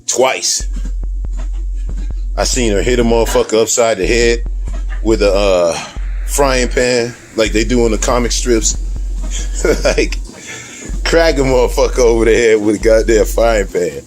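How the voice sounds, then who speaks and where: A man's voice: fairly low pitch, unhurried, pauses often, soft background music. Foul-mouthed man in a casual video diary. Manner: heavy cursing, laughs often, animated when telling stories. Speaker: video diarist. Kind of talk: profane casual storytelling.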